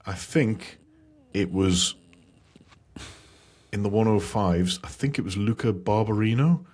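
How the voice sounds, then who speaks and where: A man with a fairly low voice, talking in an easygoing, rambling way on a podcast. He swears casually and leans on plenty of ums and likes. It sounds like relaxed chat between friends. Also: a little slow, slightly rough. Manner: laid-back, swears, rambling with fillers. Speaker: podcast co-host and commentator.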